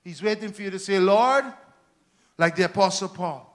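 A man preaching a sermon to a church, with rhetorical questions and dynamic swings from hushed words to shouting. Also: sits high, moderate pace.

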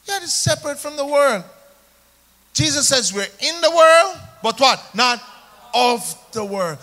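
A Jamaican-accented man preaches a sermon as a pastor, calling for responses from the congregation and shifting between loud emphasis and quiet asides. His voice is very high-pitched with big pitch swings, at a normal speed, in a call-and-response style whose emphasis rises and falls.

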